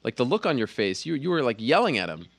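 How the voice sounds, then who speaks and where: A man's voice: mid-range voice, big pitch swings, fast talker, gravelly, no echo. A man hosting an interview show over a headset, upbeat and playful as he introduces a fighter. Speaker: podcast host. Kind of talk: casual interview.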